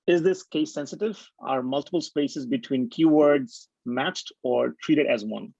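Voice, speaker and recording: A man's voice: mid-range voice, measured pace, vocal fry, mellow, no room sound. A man, moderating a webinar, reading out audience questions with hesitant fillers over a video call. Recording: dull lo-fi call audio.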